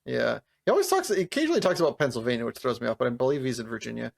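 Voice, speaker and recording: Gravelly-voiced man chatting on a podcast. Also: mid-range voice, sing-song, very fast. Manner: laid-back, profane, laughs often. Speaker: podcast co-host. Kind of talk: casual chat.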